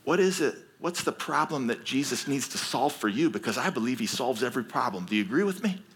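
A man's voice: medium pitch, lively intonation, quick pace, a bit bright, slightly rough. A man preaching a sermon as a pastor, telling his own story earnestly and then pressing his point with emphatic exhortation.

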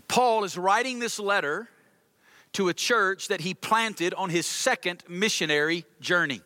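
A man's voice: high voice, expressive, normal speed, sharp tone, no echo. A male pastor preaching a sermon with emphasis, repeating key phrases.

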